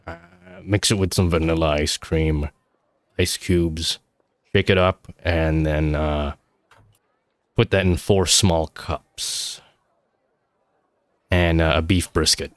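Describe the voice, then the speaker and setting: A man voicing a hesitant, polite father who speaks slowly and haltingly at a family dinner. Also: very deep voice, steady tone, dry recording, pitched below the performer's own voice. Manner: halting, slow, soft-spoken, telepathic speech.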